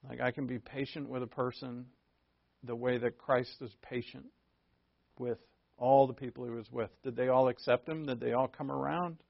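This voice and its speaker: A man preaching a conversational sermon, earnest, asking rhetorical questions and shifting from emphatic to hushed. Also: mid-range voice, steady tone, normal speed, vocal fry, dry recording, lo-fi sound. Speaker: pastor.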